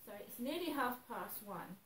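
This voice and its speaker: A woman's voice: on the high side, lively intonation, moderate pace, a bit bright. A woman vlogging in a worried, hesitant way, often repeating herself. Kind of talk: anxious personal vlog. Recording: echoey room, voice a bit far from mic, faint noise.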